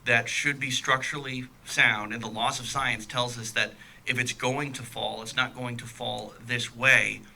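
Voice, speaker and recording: Podcast co-host rambling along, gravelly and super sharp bright voice, laid back. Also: male voice, mid-range voice, steady tone, a little slow, few pauses, slight background noise, rough recording. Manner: rambling, laid-back, with lots of "like" and "you know". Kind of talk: casual podcast chat.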